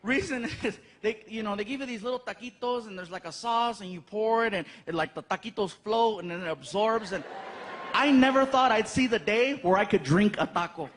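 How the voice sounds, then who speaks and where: A man doing stand-up comedy live on stage, telling stories in an animated way with laughter and acted-out voices. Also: high-pitched, a little fast, slight background noise. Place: live comedy venue with audience.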